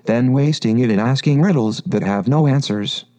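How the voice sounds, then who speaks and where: A man's voice: mid-range voice, normal speed, mellow, lightly acted. A man voicing a curious, polite young girl in a storybook reading, earnest and a little indignant.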